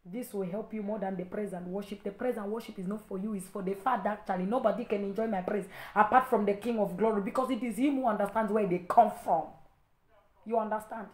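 A woman's voice: mid-range voice, quick pace. Fiery woman preacher in an echoey room. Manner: exhorting, repetitive, rising to stern loud warnings. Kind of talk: impassioned online sermon.

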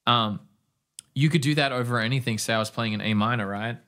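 A man's voice: medium pitch, fast, fairly bright tone. A man with an Australian accent teaching an online guitar lesson, talking enthusiastically and rambling. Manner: enthusiastic, rambling, scats rhythms aloud. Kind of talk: casual online music lesson.

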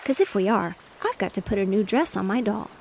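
A woman reading the part of an eager, pleading little girl in a bedtime storybook, with a slightly gravelly voice. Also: medium pitch, lively intonation, brisk, a little hiss or hum. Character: small excitable girl.

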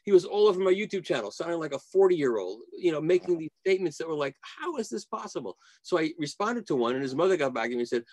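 A man's voice: a little high, expressive, racing, few pauses, darkish tone, no room sound. A man being interviewed as a guest audio reviewer, telling rambling stories and often restarting his sentences. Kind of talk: casual interview.

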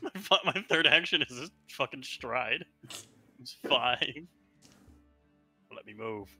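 Very bright-voiced sweary male player. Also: mid-range voice, animated, slow, breathy edge, soft background music. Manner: sweary, joking, exasperated. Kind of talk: casual tabletop play.

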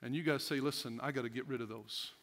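A male pastor preaching a sermon, animated, laughing often and acting out the voices of stressed people. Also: medium pitch, quick pace. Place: church sanctuary.

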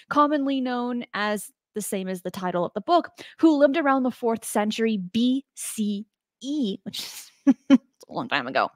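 A woman's voice: a little high, dry recording, studio quality. Woman explaining ideas on a talk show. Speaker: co-host presenting research. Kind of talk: explanatory presentation.

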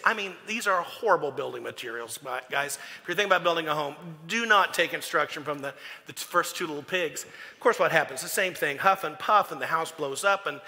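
A pastor preaches to his congregation in a folksy, joking way, stopping to tell stories. His voice is bright and sharp and a little high for a man. It rings through a big church hall. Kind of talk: sermon. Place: church sanctuary.

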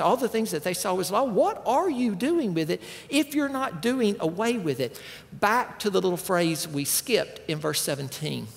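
Animated preaching man in a reverberant church. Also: sits high, normal speed, vocal fry. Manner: animated, conversational preaching with asides to the congregation. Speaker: pastor. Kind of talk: sermon. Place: church sanctuary.

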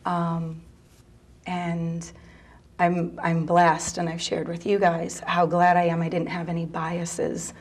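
A middle-aged mother telling a personal story in an interview, soft-spoken and halting, sometimes dropping to a near whisper. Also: fairly low pitch, monotone. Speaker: mother of a gay teen son; interview guest.

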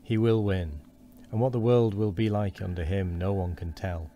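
A man's voice: low-pitched, fairly even intonation, normal speed, mellow, muffled recording, slight background noise. A man voicing a frail, wheezing old man who is fearful and gossipy, his speech quavering.

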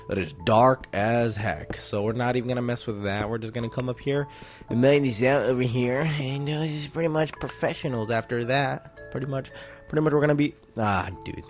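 A young man giving rambling, joking commentary while playing a video game, talking to his viewers and to the creatures on screen. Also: mid-range voice. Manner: rambling, jokey self-talk. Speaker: gaming YouTuber. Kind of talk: Let's Play commentary.

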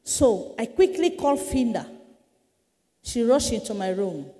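A woman's voice: on the high side, lively intonation, unhurried, mellow. A woman evangelist, telling her testimony earnestly and dramatically in a church hall. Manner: earnest storytelling, dramatic shifts. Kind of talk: testimony sermon.

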